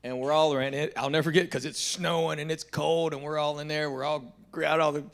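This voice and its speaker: A male comedian on a live-streamed panel, telling a road story and acting out each line of dialogue with big jumps in pitch and loudness. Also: little pitch movement, fairly quick. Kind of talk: animated storytelling. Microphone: live stream panel mic.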